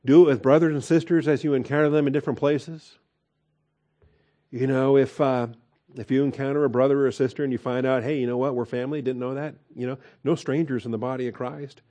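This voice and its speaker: A man's voice: medium pitch, fairly even intonation, a little fast, dark tone. A male pastor preaching a sermon in a conversational way, with fillers and rhetorical questions.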